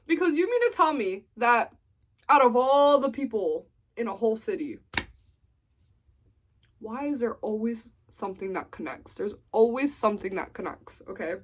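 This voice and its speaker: A woman's voice: a little high, normal speed. A young woman vlogger telling a storytime, acting out what people said. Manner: animated storytelling, acts out quotes. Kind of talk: storytime vlog.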